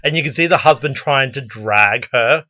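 A man's voice: mid-range voice, normal speed, bright, forceful tone, no room sound. A man co-hosting a casual podcast chat, telling blunt, joking stories with lots of animation. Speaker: podcast co-host. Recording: dull lo-fi recording.

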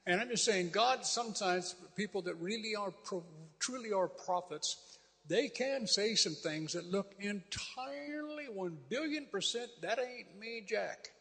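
A man's voice: sits high, animated, unhurried, pushed and bright, slightly rough. A man giving a rambling, folksy testimony in sermon style, with many fillers. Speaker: guest speaker sharing a testimony. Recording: long hall reverb.

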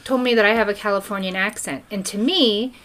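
A woman's voice: medium pitch, brisk, fairly bright tone. A young woman co-hosting a podcast in casual chat, joking and teasing and swearing casually. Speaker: podcast co-host. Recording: faint background noise.

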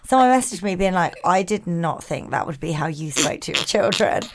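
Lively woman co-hosting a podcast. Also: lowish voice, a little fast. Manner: animated, laughing, reads listener messages aloud. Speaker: podcast co-host. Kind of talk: casual chat.

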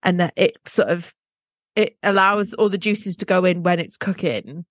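A woman's voice: on the low side, moderate pace, dry recording. A woman co-hosting a podcast in casual, rambling chat, poking fun at herself. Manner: chatty, self-mocking, rambling asides. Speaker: podcast co-host.

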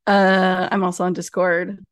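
A woman's voice: lowish voice, flat delivery, a little slow, clean tone, no echo, clean studio sound. A woman professor as a podcast guest, chatting casually and laughing easily.

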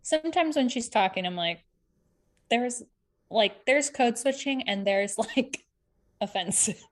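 A woman co-hosting a podcast, chatting casually and recapping a reality show with quick asides and laughter. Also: a little high, animated. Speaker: podcast co-host.

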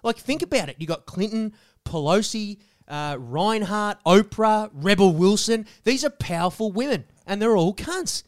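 A man playing a loud, crude segment host who rants with mock outrage. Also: high-pitched, animated, moderate pace. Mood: ranting. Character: loud foul-mouthed male segment host with a grudge.

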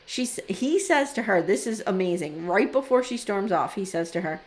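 A woman's voice: medium pitch, normal speed, hardly any pauses, slight background noise. A woman in her forties who co-hosts a podcast, animatedly retelling scenes in casual chat and acting out the quotes. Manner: animated storyteller, acts out quotes. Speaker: podcast co-host.

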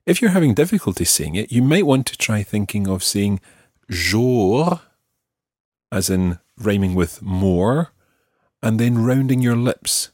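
A man with a Scottish accent teaching a podcast language lesson and repeating words slowly for the learner. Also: lowish voice, lively intonation, darkish tone, no echo, clean studio sound. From Scotland.

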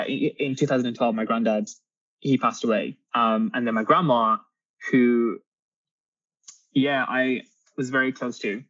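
A young man, an author being interviewed, talking earnestly and haltingly with many ums and restarts. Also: medium pitch, a bit bright, dry recording, highs cut off. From Britain. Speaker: author and guest. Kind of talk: candid interview conversation.

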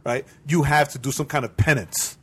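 A man's voice: medium pitch, steady tone, moderate pace, fairly bright tone, husky. A man co-hosting a faith podcast, explaining his beliefs in an earnest, preachy way and often asking "right?". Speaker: podcast co-host. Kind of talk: casual faith podcast chat.

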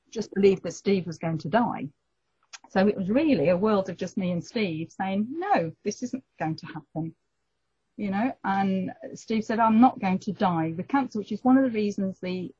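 A middle-aged woman, telling a personal story in an interview and lively acting out the voices of the people in it. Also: medium pitch, breathy edge, no echo. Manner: animated storyteller, acts out quoted voices. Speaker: guest telling her story. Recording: dull lo-fi recording.

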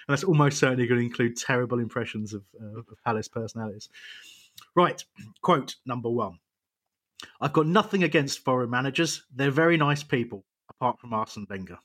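A British man hosts a relaxed football chat with a slightly husky voice. He talks in loose, rambling sentences full of ums and restarts, and laughs easily as he runs a quiz. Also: medium pitch. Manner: chatty, hesitant with many ums, laughs easily. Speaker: podcast host. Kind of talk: casual football chat, quizmaster.

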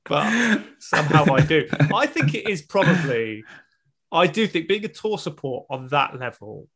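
A man's voice: on the high side, big pitch swings, normal speed, fairly bright tone, slightly rough. A man, a stand-up comedian, musing in casual chat with a self-deprecating manner.

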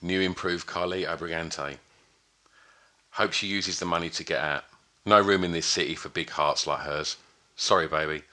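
A man voicing a weary, dying male gangster in a put-on Puerto Rican accent, delivering a slow, quiet, resigned film monologue. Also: low-pitched, fairly even intonation. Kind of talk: reading film's closing monologue.

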